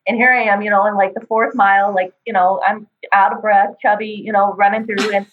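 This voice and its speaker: A woman's voice: a little fast, slight background noise. A woman guest on a podcast, telling stories casually and acting out the voices she quotes. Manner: animated, acts out quoted voices with pitch jumps. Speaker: podcast guest, police department administrative assistant. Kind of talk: casual storytelling in an interview. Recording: tinny phone-like line.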